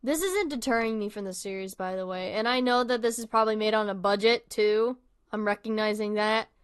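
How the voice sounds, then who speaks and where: A woman's voice: mid-range voice, a little fast, clear, resonant tone. A woman hosting a livestream, giving casual, rambling reaction commentary full of fillers into a close microphone. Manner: chatty and rambling, many fillers. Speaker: livestream host.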